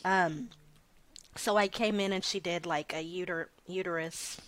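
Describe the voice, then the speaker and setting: A woman in her thirties telling a personal story in an interview, soft-spoken and hesitant with many fillers. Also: on the low side, fairly even intonation, unhurried. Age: 30s. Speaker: interview guest.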